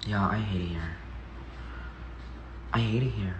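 A man's voice: lowish voice, unhurried, muffled recording, a little hiss or hum. A man from Hawaii talking casually into his phone for a story vlog, sassy, dramatic and full of swearing. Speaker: social media personality.

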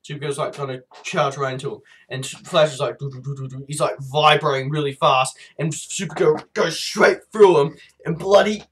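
A man's voice: fairly high pitch, steady tone, normal speed, fairly bright tone. A man with a sore throat and a blocked nose, reviewing TV episodes in a casual, rambling way, full of fillers and swearing.

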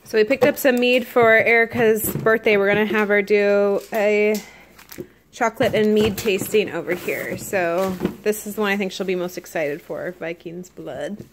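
A young woman vlogging in an easygoing, chatty way, speaking at a middle pitch. She addresses the camera about her day. A faint noise sits under her voice. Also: moderate pace. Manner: chatty, relaxed, talks to the camera. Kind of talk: casual vlog chat.

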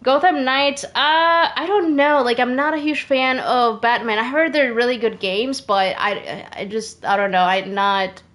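A woman co-hosting a live gaming stream, talking casually and a bit hesitantly. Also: fairly high pitch. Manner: unhurried, hesitant, soft giggles. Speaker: streamer co-host.

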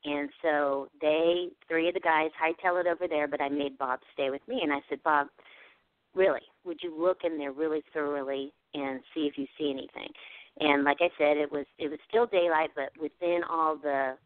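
Woman guest, casual animated storyteller, tinny phone-line audio. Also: low-pitched, moderate pace, clear, resonant tone, no echo. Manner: animated, acts out quoted dialogue. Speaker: guest telling an encounter story. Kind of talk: casual storytelling on a radio show.

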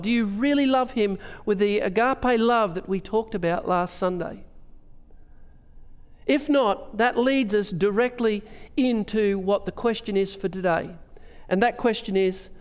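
High-voiced Australian pastor preaching. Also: male voice, measured pace, smooth, long reverb tail. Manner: earnest preaching with rhetorical questions and scripture reading. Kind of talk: sermon. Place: church hall.

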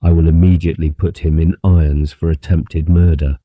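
A man's voice: extremely low pitch, level tone, a little fast, no echo, dull audio. A man playing a grave, calculating ship captain who speaks formally in an audiobook.

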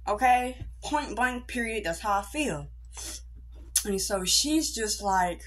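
A woman's voice: a little high, measured pace, a bit bright. A young woman vlogger telling an indignant, slangy story in a casual rant.

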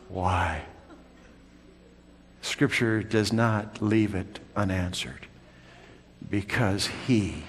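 A man preaching a sermon in a church, swinging from loud calls down to hushed whispers. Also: on the low side, drawn-out words, pauses often. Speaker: pastor. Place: church sanctuary. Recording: long church hall reverb.

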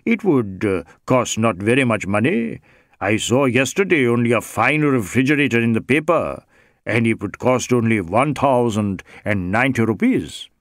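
A man's voice: medium pitch, lively intonation, normal speed, no echo, studio quality, lightly acted. A man voicing a tall, scornful man who tries to bribe a police inspector, wheedling and contemptuous by turns.

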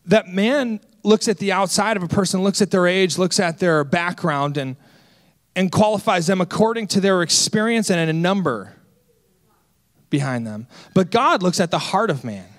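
High-voiced young male pastor preaching. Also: moderate pace. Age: 20s. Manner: energetic, storytelling with self-deprecating humor. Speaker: senior associate pastor. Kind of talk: sermon.

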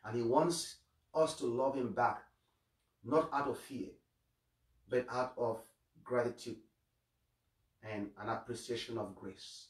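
This priest speaks at a medium pitch, in a steady tone and slow pace with frequent pauses, heard from a distance in an echoey room. His homily is earnest, marked by repeated first words and stumbling starts.

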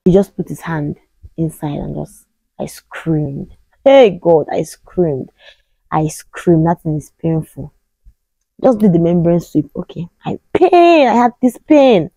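A woman's voice: deep voice, gravelly, dark tone, husky, no echo, rough recording. A Nigerian woman in her thirties with a Nigerian accent, telling a personal story to the camera in a casual way and acting out the voices of the people in it. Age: 30s. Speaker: vlogger.

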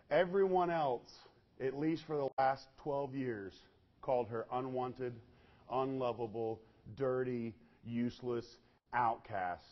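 A man preaching a sermon, telling the story in an animated way with sudden loud bursts and hushed low passages. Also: measured pace. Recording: dull lo-fi recording.

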